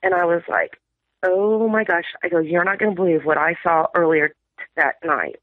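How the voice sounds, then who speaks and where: A woman's voice: on the low side, normal speed, dry recording. Middle-aged female caller on a phone line, rambling storyteller, quotes family in dialogue. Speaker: caller sharing an encounter. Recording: tinny dry phone line.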